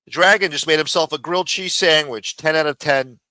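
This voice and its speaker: A man's voice: on the high side, fairly quick, few pauses, sharp tone, no echo. A man hosting a live-stream panel, reading out viewer chat and greeting commenters in a blunt, joking way. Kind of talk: casual live-stream banter.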